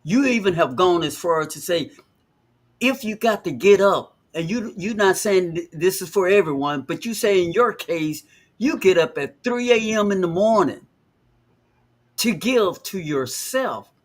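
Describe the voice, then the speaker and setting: A man's voice: high voice, lively intonation, measured pace. A man co-hosting a live discussion show, stressing his words with emphasis. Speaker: co-host of a live talk show.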